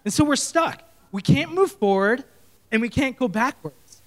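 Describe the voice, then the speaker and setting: A male pastor preaching and telling a story, animated and often correcting himself. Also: very high voice, normal speed. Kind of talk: sermon storytelling.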